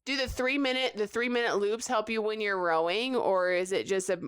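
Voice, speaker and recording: A woman's voice: mid-range voice, steady tone, a little fast, a bit bright, clear, resonant tone, dry recording, studio quality. A woman from Nebraska hosting a podcast, asking her guests questions in a giggly, curious way. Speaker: podcast host. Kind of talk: casual interview.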